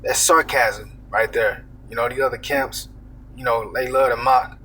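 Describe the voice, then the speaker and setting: A man's voice: medium pitch, fairly even intonation, moderate pace, bright, forceful tone, recorded from a distance, slight background noise. A man teaching scripture in a casual sermon, reading verses aloud and commenting with "man" and "all right?". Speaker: preacher.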